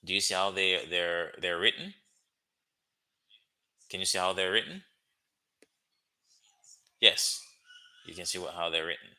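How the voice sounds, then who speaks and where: Haitian-accented male teacher on a livestream, deep bright voice, patient and repetitive. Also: steady tone, rough recording. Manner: slow, drilling repetitions, frequent "okay?" checks. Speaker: language teacher. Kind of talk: livestream language lesson.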